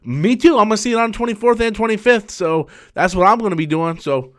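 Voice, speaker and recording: A man in his thirties hosting a live stream, tired after a long work shift, talking excitably and rambling with frequent restarts while he answers viewer messages. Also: sits high, brisk. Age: 30s. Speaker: YouTube channel host.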